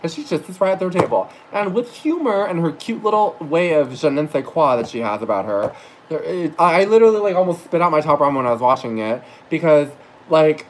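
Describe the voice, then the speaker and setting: A man's voice: fairly high pitch, a little hiss or hum, rough recording. A man telling a story in a casual vlog, gushing and rambling, with restarts and casual swearing. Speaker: vlogger.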